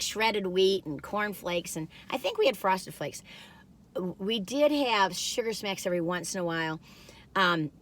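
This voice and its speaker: A woman's voice: fairly high pitch, fairly bright tone. A woman in her sixties, chatting in a bubbly, rambling way with many asides as she reviews food. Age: 60s. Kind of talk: casual chatty storytelling.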